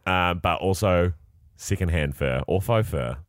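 A man's voice: low voice, moderate pace, no echo, studio quality. A man co-hosting a podcast in casual banter, joking and laughing often. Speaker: podcast co-host.

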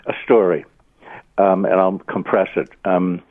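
A man with a Boston accent calling in to a radio show, telling a story in a rambling, halting way full of fillers. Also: low voice, little pitch movement, dry recording. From Boston area, US. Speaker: caller. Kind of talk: phone-in storytelling. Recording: tinny phone line.

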